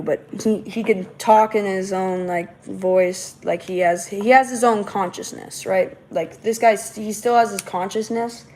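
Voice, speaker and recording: A woman's voice: medium pitch, a little mellow, slight background noise. Rambling woman full of fillers. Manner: rambling, many fillers and restarts. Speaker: livestream host. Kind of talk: casual livestream talk.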